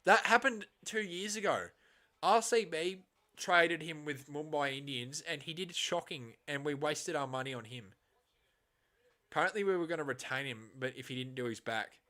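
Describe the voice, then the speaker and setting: Casual male stream host with a slightly high voice, reacting live to a match and turning loudly exasperated. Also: moderate pace. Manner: swings from quiet muttering to loud, exasperated outbursts; blunt and swears casually.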